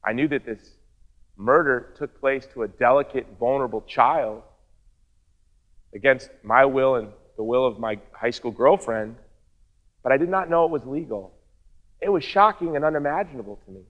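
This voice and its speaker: A man's voice: medium pitch, normal speed, in a large hall, phone-quality sound. A middle-aged man giving an earnest personal testimony to an audience, mixing wry asides into his story. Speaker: speaker.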